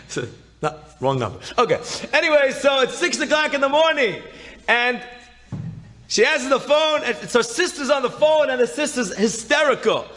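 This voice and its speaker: A man telling a story, animated, swinging between loud emphasis and soft hushed lines. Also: very high voice, moderate pace. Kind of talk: spoken storytelling.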